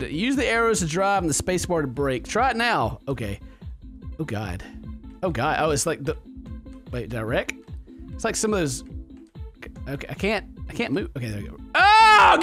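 Lively, joking man narrating gameplay. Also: high voice. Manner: animated and jokey, laughing often, sarcastic asides. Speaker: let's play gamer. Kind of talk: comedic gameplay commentary.

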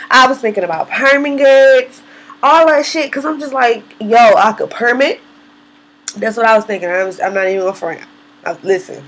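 A young woman talks candidly to her camera in a casual vlog. Her voice is a little husky and sits slightly high, with a lively, swooping pitch. She swears freely and laughs often. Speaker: hair vlogger.

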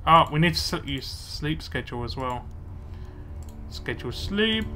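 A man's voice: a little high, lively intonation, measured pace, music in the background. A young man casually commenting on his gameplay, muttering to himself as he plays. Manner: chatty, muttering to himself while playing. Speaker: let's play gamer.

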